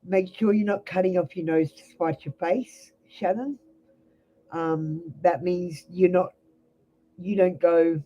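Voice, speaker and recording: A woman's voice: on the low side, steady tone, slow, dark tone, dull audio. A young adult Australian woman giving blunt, chatty tarot readings on a live stream, calling viewers by name. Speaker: tarot reader.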